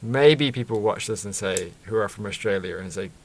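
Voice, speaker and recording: A man's voice: on the low side, normal speed, a little hiss or hum. A man chatting casually and rambling while building a Lego set, often chuckling and correcting himself.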